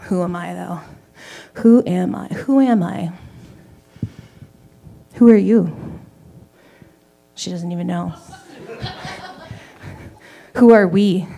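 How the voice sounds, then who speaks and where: A woman's voice: lowish voice, slow pace, creaky, pauses often, mellow. A woman doing an open mic stand-up set, telling a story in a loose, conversational way with swearing and self-deprecating asides. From Canada. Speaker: stand-up comedian. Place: small comedy venue with live audience.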